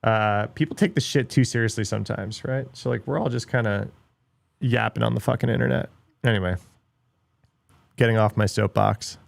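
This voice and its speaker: A man's voice: fairly low pitch, normal speed, gravelly, dry recording. A middle-aged man hosting a livestream, ranting bluntly in casual chat with lots of swearing and filler words. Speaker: livestream host.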